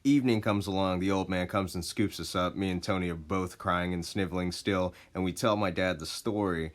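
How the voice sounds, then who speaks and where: Low-voiced man telling a story. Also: fairly quick. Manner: profane, laid-back, expressive. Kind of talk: casual storytelling vlog.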